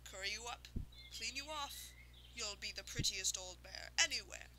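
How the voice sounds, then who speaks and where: A woman's voice: medium pitch, lively intonation, normal speed, background noise, close to an everyday voice. A woman reading aloud and voicing a fat, clumsy farmer who coaxes in a breathless, wheedling way. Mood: panting.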